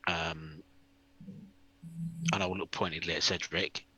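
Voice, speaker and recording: A man's voice: sits low, level tone, a little slow, bright, forceful tone, husky, rough recording. A man playing a tabletop role-playing game, talking in a hesitant way with restarts. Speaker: player.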